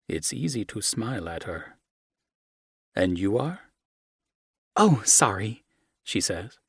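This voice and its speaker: A man narrating a romance audiobook in the first person, in a measured, soft, intimate manner, on a close microphone. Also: sits low, no echo.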